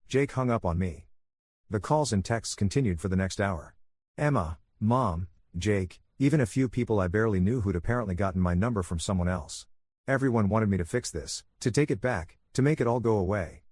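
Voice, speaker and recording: A man calmly narrating a first-person story in an even, soothing manner. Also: fairly low pitch, dry recording, clean studio sound.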